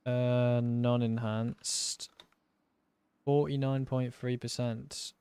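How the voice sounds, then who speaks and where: Young male streamer, slow and gravelly, muttering sums aloud with casual swearing. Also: mid-range voice, little pitch movement, warm tone, no room sound. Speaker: gaming streamer. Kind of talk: casual game commentary while testing.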